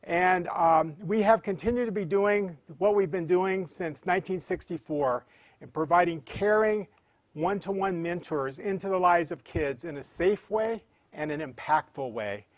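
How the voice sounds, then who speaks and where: A man's voice: high-pitched, a little slow, no echo. A man who heads a charity, giving an earnest, heartfelt welcome speech. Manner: earnest, warm-hearted address. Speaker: charity president and CEO.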